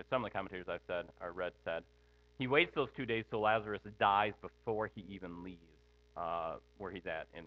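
A middle-aged man preaching a sermon in a conversational way, thinking aloud with frequent asides. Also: lowish voice. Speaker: pastor. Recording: tinny phone-like sound with mains hum.

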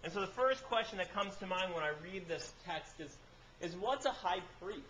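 A man preaching a sermon in a church sanctuary, his fairly high voice ringing through a reverberant room. He talks conversationally and often restarts his phrases, with faint noise in the background. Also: lively intonation, moderate pace, fairly bright tone. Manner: conversational storytelling with repeated restarts. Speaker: pastor.

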